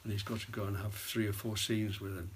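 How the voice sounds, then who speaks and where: An older man, an actor, telling rambling anecdotes in an interview and dropping into hushed asides. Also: fairly low pitch, level tone, brisk, a little hiss or hum. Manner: rambling storyteller, drops to hushed whispers for asides. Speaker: actor guest.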